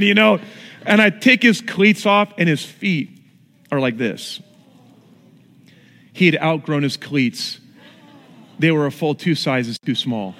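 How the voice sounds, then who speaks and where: A middle-aged man preaching a sermon, telling stories with lively, animated swings in his voice. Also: sits high, measured pace, pauses often, big-room sound. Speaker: pastor.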